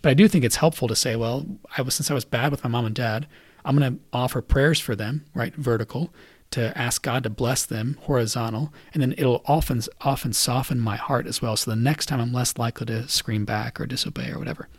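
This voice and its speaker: A man, a priest, retelling a story for young listeners and turning it into a lesson. He talks quickly in a loose, conversational way, with lots of asides. The recording is dry and close, with no room sound. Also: mid-range voice, dry recording. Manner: conversational, animated retelling with fillers. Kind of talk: casual retelling and teaching.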